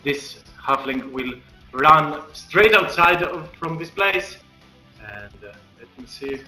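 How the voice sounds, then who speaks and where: A man with a bright, forceful voice runs a tabletop game as its game master. He hesitates with fillers and then rushes through the action. His voice sits in an echoey room with faint music behind. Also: on the high side. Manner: hesitant, many filler sounds, quick bursts when narrating action. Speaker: dungeon master.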